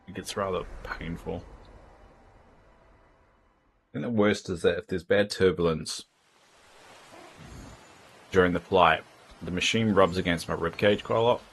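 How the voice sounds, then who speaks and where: A man's voice: deep voice, steady tone, measured pace, pauses often, a little hiss or hum. A man chatting casually and frankly while streaming a game, rambling from thought to thought. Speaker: livestreamer. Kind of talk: casual gameplay chat.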